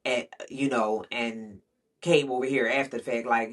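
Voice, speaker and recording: A man's voice: mid-range voice, fairly even intonation, moderate pace, fairly bright tone, recorded from a distance. A man telling a frank, rambling personal story in casual slang, storytime vlog style. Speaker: vlogger. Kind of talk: candid storytime monologue.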